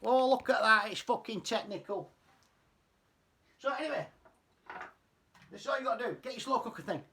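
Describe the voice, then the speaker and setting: A man's voice: very high voice, moderate pace, pauses often, sharp tone, slight background noise. A man talks casually through a home cooking demonstration. He is chatty, swears freely and pokes fun at himself. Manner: chatty, sweary and self-mocking. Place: home kitchen. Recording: roomy, distant kitchen sound.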